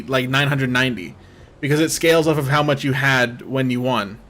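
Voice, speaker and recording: A man in casual gameplay commentary who rambles through his explanations and leans on "like" as he goes. His voice sits at a middle pitch and sounds ordinary and relaxed. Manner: rambling, heavy use of "like". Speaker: streamer.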